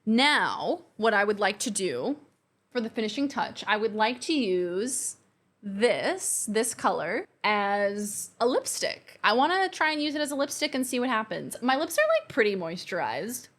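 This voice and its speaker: A bubbly young woman talks to the camera while doing her makeup, her voice sitting a little high and swooping up and down. She is playful and self-mocking, and she breaks into excited gasps and squeals. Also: unhurried. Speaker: beauty vlogger. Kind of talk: chatty get-ready-with-me makeup vlog.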